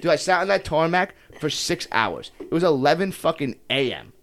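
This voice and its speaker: A man's voice: on the high side, normal speed. A young man with a slightly raised voice tells a wild story on a podcast. He swears constantly and gets heated as he goes, with a loose, casual delivery. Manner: profane, heated, animated storytelling.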